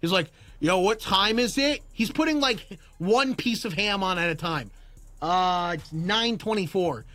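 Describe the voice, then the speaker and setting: A young man livestreaming, telling a story in animated chat and acting out both sides with bursts of disbelief. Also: sits high, measured pace. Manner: acts out both sides of a story, rising to near-shouts in disbelief.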